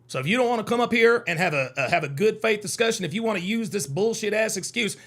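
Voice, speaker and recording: Hosting a live call-in stream, a man reacts to clips and chat with heated, combative, mocking commentary, often repeating himself. His voice sits high and is fairly bright, and he talks quickly with few pauses.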